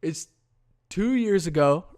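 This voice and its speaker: A man hosts a laid-back solo podcast in a somewhat high, slightly mellow voice, animated yet unhurried. He leans into his desk microphone and rants crudely and dismissively, swearing at every turn.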